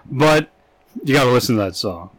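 A man's voice: medium pitch, lively intonation, moderate pace, no echo, rough recording. A man co-hosting a comedy podcast, telling a crude anecdote in a casual way and acting out the voices of the people in it. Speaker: podcast co-host.

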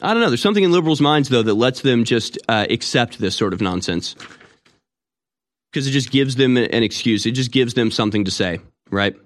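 A male commentator on a mocking, sarcastic rant. His voice is medium in pitch, and he rambles with frequent restarts. He sounds scornful and sure of himself. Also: lively intonation, brisk. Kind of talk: opinionated monologue.

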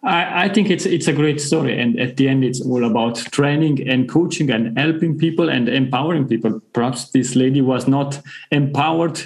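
A man's voice: mid-range voice, normal speed, hardly any pauses. A man hosting an interview, wrapping it up in a formal, polite way. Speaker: host.

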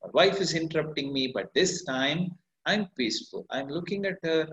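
A middle-aged man guides listeners through meditation in an earnest, self-questioning way. His voice sits a little high and swings widely in pitch. The sound is roomy and a bit dull, like a lo-fi recording. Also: animated, normal speed, fairly bright tone. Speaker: meditation teacher. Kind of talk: reflective spoken teaching. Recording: echoey, dull lo-fi room sound.

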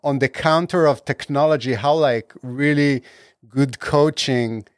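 A man hosting a casual panel discussion, talking in halting phrases with frequent restarts. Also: mid-range voice, dry recording, clean studio sound. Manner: halting, restarts often, says "like" a lot.

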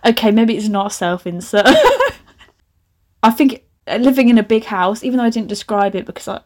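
A woman's voice: a little high, sing-song, normal speed, darkish tone. A young woman hosting a podcast, chatting sarcastically and rambling with frequent laughing asides. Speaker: podcast host. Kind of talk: casual comedic reading commentary.

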